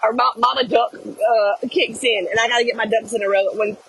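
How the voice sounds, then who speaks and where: Animated woman with a high voice. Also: fairly quick, vocal fry, slightly rough, rough recording. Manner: animated, addresses viewers as "y'all", acts out shouting. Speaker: vlogger telling a story. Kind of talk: casual storytime chat.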